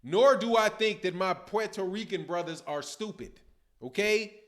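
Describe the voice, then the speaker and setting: A man hosting a boxing channel live stream, reading viewer comments and answering them in casual, animated talk. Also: high-pitched, a little slow. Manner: animated, addresses viewers, reads comments aloud.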